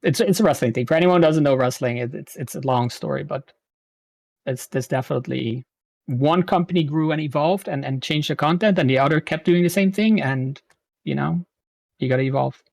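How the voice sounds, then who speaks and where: Laughing animated man in his thirties. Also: on the high side, vocal fry, no room sound. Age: 30s. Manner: animated storytelling, quick laughs. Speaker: guest streamer. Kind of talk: casual interview chat.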